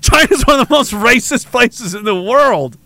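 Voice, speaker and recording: Canadian man streamer, high bright voice, sarcastic profane rant, dry close sound. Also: lively intonation, moderate pace, no echo. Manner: sarcastic, profane, laughing often. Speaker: livestream host. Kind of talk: livestream rant reading chat.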